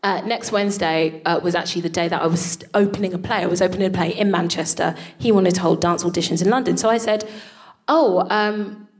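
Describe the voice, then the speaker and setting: A woman co-hosting a live show, telling a comic story on stage in an animated way, swearing freely and laughing through her lines. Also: on the low side, quick pace, few pauses. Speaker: co-host. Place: live venue with an audience.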